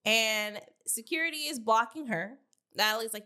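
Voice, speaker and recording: A woman co-hosting a podcast, recapping a reality show in slangy, animated casual chat. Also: fairly high pitch, a little slow. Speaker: podcast co-host.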